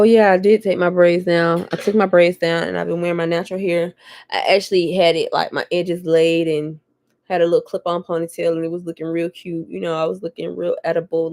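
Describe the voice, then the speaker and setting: A woman vlogging at home, telling stories in a candid, profane, lively way. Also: on the low side, moderate pace. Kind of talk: casual chat to camera.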